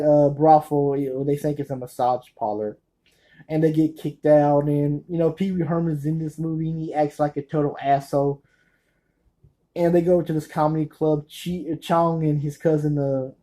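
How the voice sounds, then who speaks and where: A man with a mellow, darkish voice chats about his film collection. His talk is nervous and meandering, full of restarts and quick corrections as he searches for the right word. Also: a little high, low-quality recording. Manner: nervous, rambling, often correcting himself. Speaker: movie collector reviewing his films. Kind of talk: casual spoken review.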